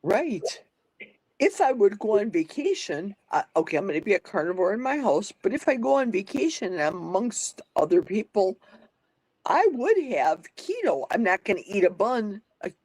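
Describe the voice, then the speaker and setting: Older woman, livestream host, talkative, thinks out loud, dry sound. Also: mid-range voice, very animated, moderate pace, dry recording, rough recording. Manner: chatty, thinks aloud, reads out comments. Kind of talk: casual live chat.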